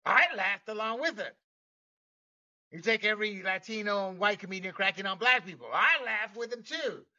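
A man's voice: high voice, moderate pace, sharp tone, distant mic, highs cut off. A man hosting a talk show, giving blunt opinionated commentary with laughs and restarts. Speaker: podcast host.

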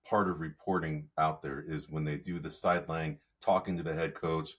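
Low husky laid-back co-host. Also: male voice, steady tone, moderate pace, a bit bright. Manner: rambling, conversational, lots of fillers. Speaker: podcast co-host. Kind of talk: casual sports talk.

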